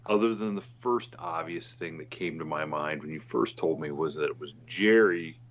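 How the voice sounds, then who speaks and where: A man's voice: very deep voice, normal speed, muffled recording, very noisy. A man hosting a podcast who asks probing, wry follow-up questions. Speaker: podcast host. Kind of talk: casual podcast chat.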